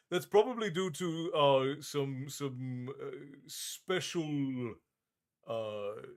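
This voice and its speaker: Playing a tavern keeper, this livestream host has a voice on the high side. He's friendly and relaxed, chatting and reading out viewer comments with frequent restarts.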